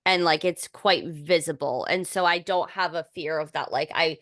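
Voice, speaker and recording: Low-voiced chatty young woman, dry sound. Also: moderate pace, dry recording. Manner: chatty, filler-heavy, many restarts, animated when amused. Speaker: podcast co-host. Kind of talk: casual chat.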